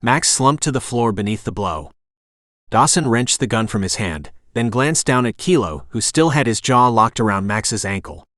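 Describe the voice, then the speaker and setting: A man narrating an audiobook in a steady, even reading voice. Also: medium pitch, normal speed, no room sound, clean studio sound. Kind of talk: scripted narration.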